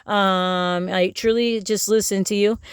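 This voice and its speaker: Ranting woman, smooth and dry. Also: medium pitch, steady tone, a little slow, dry recording. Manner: profane, ranting, many fillers. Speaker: vlogger. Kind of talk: rambling casual monologue.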